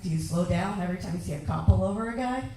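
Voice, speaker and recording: A young woman performing a stand-up comedy set on a club stage, ranting in lively bursts and shouting her acted-out asides. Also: on the low side, rapid-fire, distant mic, slight background noise. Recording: echoey club room heard from afar.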